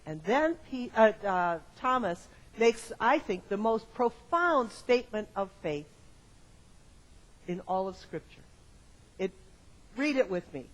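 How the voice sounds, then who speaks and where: A male pastor giving a sermon to his congregation in a church, moving from quiet reflection to loud emphatic exclamations and repeating phrases in rhythmic lists. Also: high-pitched, big pitch swings, takes it slowly, pauses often, low-quality recording. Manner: addresses the congregation directly with questions. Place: church sanctuary.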